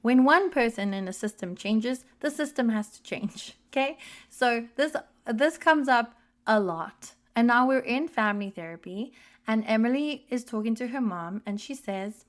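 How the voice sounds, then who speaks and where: A woman's voice: on the high side, expressive, normal speed. A woman in her thirties, a relationship therapist, hosting a podcast in a frank, conversational monologue with wry humor.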